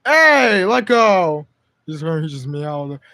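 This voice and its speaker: A man's voice: fairly high pitch, big pitch swings, unhurried, bright, forceful tone. A young man live streaming from home on his phone, chatting to his cat in slangy, profane speech. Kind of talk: casual live stream chat.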